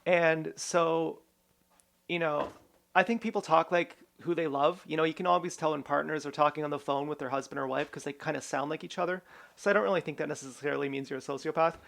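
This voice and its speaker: A man with a slightly higher than average, gravelly voice holds forth in a rambling vlog monologue. He jumps from one grievance to the next, swearing freely and irreverently, with a rough fry in his tone. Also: fairly even intonation, brisk, a bit bright. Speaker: vlogger.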